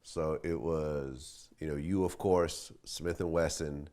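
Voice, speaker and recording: Low-voiced guy asking the questions, quiet and quick. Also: fairly even intonation. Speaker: interviewer. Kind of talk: interview questions.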